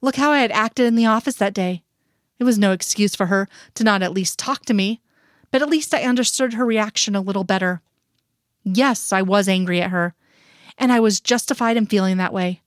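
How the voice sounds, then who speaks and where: A woman's voice: medium pitch, a little fast, no echo. Woman reading fiction aloud, dry sound. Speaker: reader. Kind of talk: first-person fiction reading.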